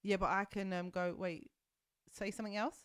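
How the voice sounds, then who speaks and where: A woman hosts a live stream in a relaxed, chatty way. She laughs easily and moves between banter and fixing her audio. Her voice sits dry and close to the desk mic. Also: mid-range voice, normal speed, clear, resonant tone, dry recording. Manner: chatty, laughs often, fiddles with audio settings. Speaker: streamer host. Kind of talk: casual chat.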